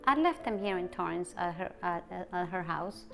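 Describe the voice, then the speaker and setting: A woman's voice: lowish voice, expressive, gravelly, bright, forceful tone, soft background music. Emotional woman. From Mexico City. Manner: halting, emotional retelling with many restarts. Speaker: interviewee. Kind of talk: personal interview.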